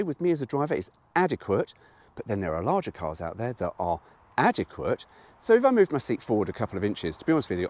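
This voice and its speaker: A man's voice: fairly low pitch, darkish tone. A British man talking his way through a car review while driving, frank and rambling, swearing freely. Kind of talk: casual driving vlog. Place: inside a moving car. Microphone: GoPro camera.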